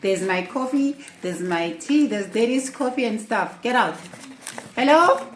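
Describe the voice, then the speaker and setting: A woman with a somewhat high voice that swings widely up and down, talking slowly. She scolds her pet parrot playfully in a home kitchen, half laughing. Faint noise sits behind her. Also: lively intonation. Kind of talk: casual home video talk.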